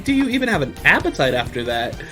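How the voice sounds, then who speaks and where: A man voicing an exasperated male demon sidekick, in a high, strained tone of disbelief. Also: big pitch swings, fast talker, over music. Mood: incredulous.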